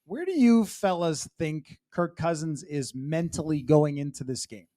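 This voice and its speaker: A man's voice: on the high side, expressive, a little slow, dark tone. A man hosting a sports podcast round table in a chatty, wry way, putting questions to his guests. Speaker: podcast host.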